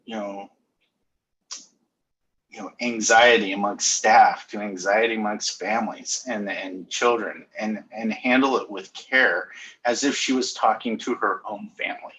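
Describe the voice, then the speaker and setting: Brief: board vice president, a man with a lowish voice and unhurried pace, moved and halting. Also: fairly bright tone, rough recording. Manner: slow, moved, searching for words. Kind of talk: thanks at a virtual board meeting. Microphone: video call.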